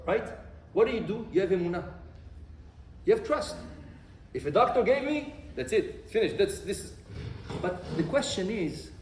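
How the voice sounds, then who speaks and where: A man giving a sermon as a rabbi, telling stories and asking rhetorical questions. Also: high-pitched. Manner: animated storytelling with rhetorical questions. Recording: roomy, distant mic, faint noise.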